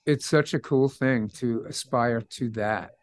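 A man, a vocal coach, chatting as a guest over a video call, enthusiastic and animated. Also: mid-range voice, unhurried, low-quality recording. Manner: enthusiastic, animated, bursts into playful line readings. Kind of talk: casual interview chat.

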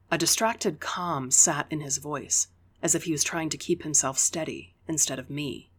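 An audiobook narrator reading a first-person story in an even, unhurried way. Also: medium pitch.

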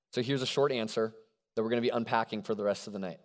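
Young male preacher, animated and chatty, mid-pitched voice, long hall reverb. casual sermon delivery. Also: racing. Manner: animated, conversational with frequent check-ins. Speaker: college ministry preacher.

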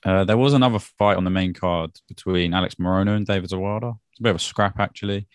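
A man's voice: sits low, fairly even intonation, fast talker, clear, resonant tone, no room sound, clean studio sound. A man co-hosting a podcast, casually recapping fight results with slang and frequent laughs. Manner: laid-back, laughs often, British slang like "mate". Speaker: podcast co-host.

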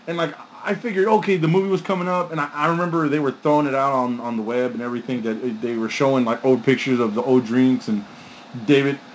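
A man's voice: medium pitch, fairly even intonation, fast talker. A man co-hosting a casual podcast, laid-back, jokey and swearing casually. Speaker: podcast co-host. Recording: dull lo-fi sound with faint room noise.

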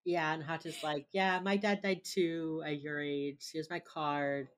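A woman co-hosting a podcast, casually retelling a TV episode and filling her talk with "like". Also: unhurried. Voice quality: very low-pitched, relaxed storytelling with lots of "like". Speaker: podcast co-host recapping a TV episode. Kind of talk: casual chat.

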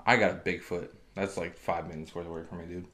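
A man's voice: sits low, flat delivery, quick pace, fairly bright tone, reverberant. A man co-hosting a podcast in casual, joking banter, swearing a lot and talking bluntly. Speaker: podcast co-host.

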